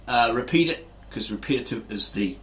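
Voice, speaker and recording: Bright-voiced rambling New man. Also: medium pitch, expressive, normal speed. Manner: rambling, keeps asking "right?", acts out quotes. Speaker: fitness channel host. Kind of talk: casual rambling explanation.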